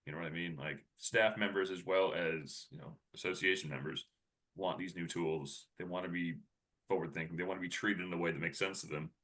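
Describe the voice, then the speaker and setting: Guy rambling thru a webinar on a call mic, kinda low voice but bright and tense. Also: fairly even intonation, fairly quick. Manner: chatty, rambling with many fillers and restarts. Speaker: webinar co-presenter. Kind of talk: casual webinar talk.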